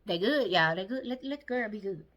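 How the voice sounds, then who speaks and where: A woman speaking AAVE gives a blunt, sassy casual recap of a reality show, acting out the cast in quick quotes. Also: mid-range voice, expressive, a bit bright, a little hiss or hum.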